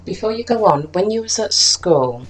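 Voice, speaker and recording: A man interviewing an elder, asking gentle, prompting questions. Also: sits high, expressive, normal speed, faint music behind, rough recording. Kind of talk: oral history interview.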